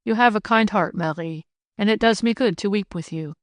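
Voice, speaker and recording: A woman's voice: mid-range voice, fairly quick, dry recording, natural voice. A woman reading the part of a sturdy, good-humored widowed ploughman in an audiobook, sounding hearty and earnest.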